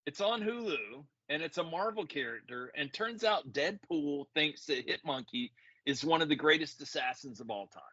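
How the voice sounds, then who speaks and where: A man's voice: a little high, animated, moderate pace, bright, forceful tone, no room sound. A man co-hosting a podcast in casual chat, laid-back and rambling, often calling his co-host "man.". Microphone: remote call mic. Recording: dull lo-fi audio.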